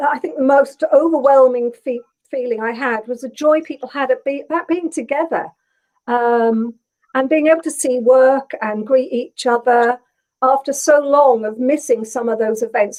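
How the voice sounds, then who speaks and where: A woman with a soft Norfolk English accent speaks as a guest on a video call. Her voice sits a little high, and she talks in a chatty, thoughtful way, pausing on fillers as she gathers her thoughts. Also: low-quality recording. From England, Norfolk. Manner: chatty, thoughtful, many ums. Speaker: textile artist guest. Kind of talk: casual video call interview.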